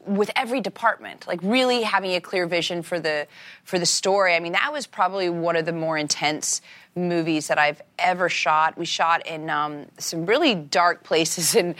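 A woman's voice: fairly low pitch, normal speed, a bit bright. A woman actress as an interview guest, talking thoughtfully with many fillers and repeated words, and agreeing readily. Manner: agreeable, often says exactly and yeah. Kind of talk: casual interview chat.

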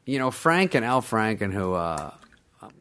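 A man telling stories in a radio interview, animated and laughing often as he acts out other people, swearing casually. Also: fairly low pitch, moderate pace. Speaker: guest comedian.

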